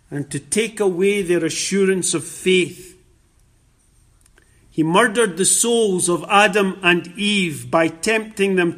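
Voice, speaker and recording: High-voiced, slow-speaking male preacher. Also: a bit bright. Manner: emphatic, repeats key phrases, quotes scripture. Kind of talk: sermon.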